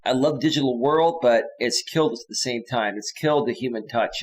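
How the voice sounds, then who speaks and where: A man's voice: medium pitch, fairly quick, hardly any pauses, rough recording. Chatty man hosting a live stream. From San Francisco Bay Area. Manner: chatty, talks straight to viewers, drops to soft sighs. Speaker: life coach and live stream host. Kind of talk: casual live stream chat reading comments.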